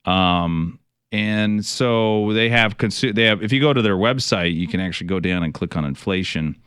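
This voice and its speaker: A man's voice: fairly low pitch, normal speed, fairly bright tone, clean tone, dry recording, clean studio sound. A middle-aged man, a financial advisor hosting a radio show, talking casually with many fillers, restarts and some wry sarcasm.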